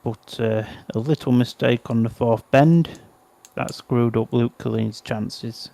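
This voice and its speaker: A man, a young adult co-host, doing excitable speedway play-by-play with wry asides on a close mic. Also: mid-range voice, slow, vocal fry. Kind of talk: speedway watch-along commentary.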